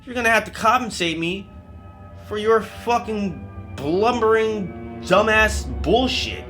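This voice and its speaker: A man voicing a proud young male cheesemaker who shouts and swears nonstop in anger. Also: high-pitched, expressive, slow, soft background music, pitched above the performer's own voice, full character voice. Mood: outraged.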